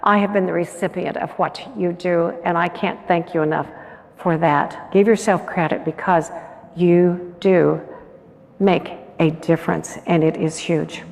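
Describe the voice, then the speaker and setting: A woman's voice: lowish voice, fairly even intonation, a little slow, gravelly, a little mellow. A woman giving a motivational conference talk, earnest and coaxing, often putting questions to the audience. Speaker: conference keynote speaker. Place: large conference hall. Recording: echoey conference hall.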